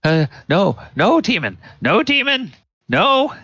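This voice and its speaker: A man voicing three panicky women who shout at a supposed demon in shrill, repetitive bursts. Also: huge pitch swings, unhurried, no echo, muffled recording, exaggerated voice. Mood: frantic. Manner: shrill, frantic, repeating themselves.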